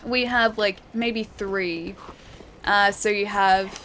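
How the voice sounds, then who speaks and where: Streaming a game with its music playing, a young city-accented Australian woman reads out her chat and chats casually, giggling now and then. Her mid-range, slightly bright voice moves at a slow pace with fairly even intonation, and there's a little background noise.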